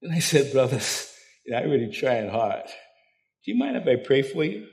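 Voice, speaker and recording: An older man, preaching a storytelling sermon that swings from loud, laughing anecdotes to hushed intensity. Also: medium pitch, big pitch swings, normal speed, gravelly.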